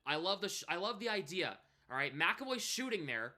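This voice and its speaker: Bright-voiced young hockey play-by-play streamer. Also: male voice, high voice, a little fast. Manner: excited play-by-play, chatting with chat between plays. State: coughing, choking on saliva. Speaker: livestream hockey commentator. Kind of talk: live play-by-play commentary.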